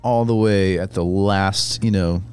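Very deep-voiced musing man. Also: fairly even intonation, measured pace, darkish tone, clear, resonant tone. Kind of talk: casual chat.

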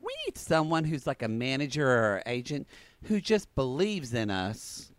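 Gushing podcast co-host, lively up-and-down voice, dry close mic. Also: male voice, medium pitch, normal speed, no room sound. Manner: chatty, gushing, teasing, laughs often. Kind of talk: casual chat.

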